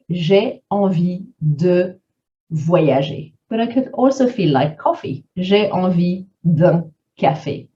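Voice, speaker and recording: A woman gives a grammar lesson at an unhurried, deliberate pace, with a low, mellow voice. She explains step by step and sets French example phrases between her English. The sound is a little dull and lo-fi. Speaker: French teacher.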